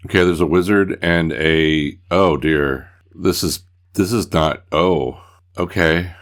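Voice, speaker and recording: Very deep-voiced man reacting. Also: slow pace. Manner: reactive, short amused replies. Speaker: podcast co-host. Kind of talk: casual podcast chat.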